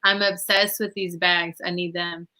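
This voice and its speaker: A woman's voice: on the low side, measured pace. A woman, hosting a casual chat and telling stories with lots of laughter. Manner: animated storyteller who laughs often. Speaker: host.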